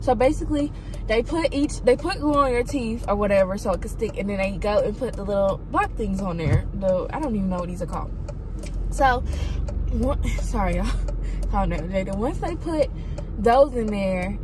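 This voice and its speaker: A woman's voice: medium pitch, lively intonation, normal speed, noisy background. A young woman, chatting animatedly to her phone in a parked car, talking around her new braces. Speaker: vlogger. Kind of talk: casual vlog chat. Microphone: phone propped up.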